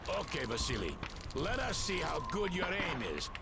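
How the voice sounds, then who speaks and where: A man's voice: a little high, sing-song, moderate pace, gravelly. An actor playing a stern male Soviet drill instructor who barks orders at recruits in a war game. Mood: commanding. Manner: barking orders. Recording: noisy game audio.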